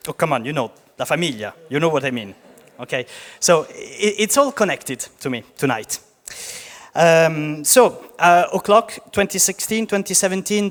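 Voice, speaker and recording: A man's voice: fairly high pitch, fairly bright tone. Italian man talking in a reverberant hall. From Italy. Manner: joking, halting with many fillers. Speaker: startup founder giving a talk. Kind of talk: conference talk.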